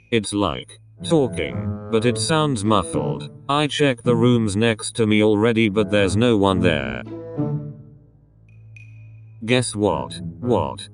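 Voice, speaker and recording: A man casually reading out a fan-made group text chat in a deadpan way. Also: lowish voice. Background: background music.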